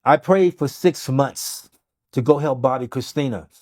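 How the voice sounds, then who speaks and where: Speaking a little slowly in a medium-pitched, darkish voice, a doctor being interviewed tells an emphatic, dramatic story. He acts out the quotes as he goes. The recording is dry and studio quality.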